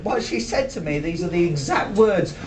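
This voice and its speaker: A man doing a shrill petulant Yorkshire geek. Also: lively intonation, moderate pace, recorded from a distance. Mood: ranting. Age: 30s. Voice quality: high, shouty, stammering and indignant. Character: nerdy thirty-something male sci-fi fan, petulant. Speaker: comedy character performer. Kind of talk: live character stand-up. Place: small theatre stage with a live audience. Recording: roomy live venue from afar, audience.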